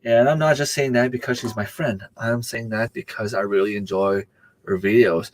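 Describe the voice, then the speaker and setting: Low-voiced man chatting on a livestream. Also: steady tone, normal speed. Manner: rambling, answers chat comments, frequent fillers. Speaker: livestream host. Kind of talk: casual live chat with viewers.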